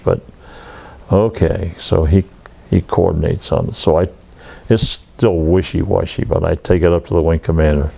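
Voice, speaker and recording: Gravelly and low, this man's voice keeps a moderate pace. An eighty-something veteran being interviewed for an oral history, he tells spirited war anecdotes, laughs frequently, and acts out quoted speech.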